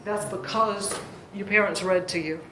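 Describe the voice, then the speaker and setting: Slow-spoken woman teaching a class. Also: mid-range voice, fairly even intonation, noisy background. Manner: chatty, draws out words to demonstrate stress. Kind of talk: classroom lecture on poetry. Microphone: distant recorder. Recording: echoey room from far off.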